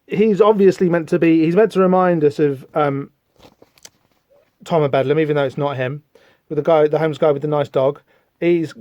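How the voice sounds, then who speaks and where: A man talking casually through a comic book, rambling with wry asides. His voice sits a little high. The recording is dry and slightly dull and lo-fi. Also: dark tone, no room sound. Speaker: podcast host.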